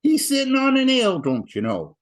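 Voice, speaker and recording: A man's voice: very high voice, wildly swooping pitch, brisk, voice pushed up, full character voice. A man putting on a drawling Ottawa Valley farmer. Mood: amused. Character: chuckling rural male farmer, laid-back.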